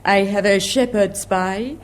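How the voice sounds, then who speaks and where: A woman's voice: mid-range voice, a little slow, lightly acted. A woman playing a sly, seductive female agent in a 1960s radio comedy sketch. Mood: coy.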